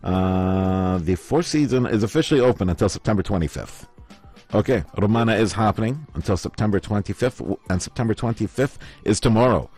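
A man's voice: lowish voice, animated, fairly quick, darkish tone, soft background music. A man hosting a live morning radio show from the studio, chatting casually and reading out listener messages, with a slight lisp. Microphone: studio microphone.

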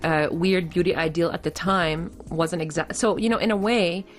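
A woman's voice: on the low side, normal speed, soft background music. A woman in casual conversation, thoughtfully explaining ideas at length. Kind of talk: casual chat.

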